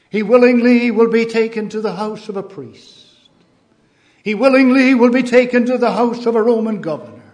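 A man preaching a sermon in a measured, emphatic way, repeating key phrases. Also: high voice, darkish tone.

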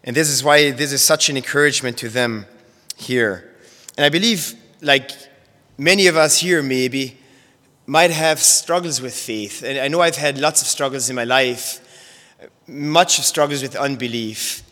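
A man teaching a sermon on Bible verses, measured and careful, often repeating and restarting phrases as he explains. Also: medium pitch, sharp tone. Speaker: preacher. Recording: long hall reverb.

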